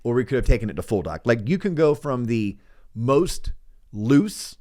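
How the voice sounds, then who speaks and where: Middle-aged guy hosting a podcast, telling stories loose and animated, repeats words when he starts a line, average pitch. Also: moderate pace. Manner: animated, acts out quoted voices, stammering restarts. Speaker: podcast host and loan officer. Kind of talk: casual storytelling chat.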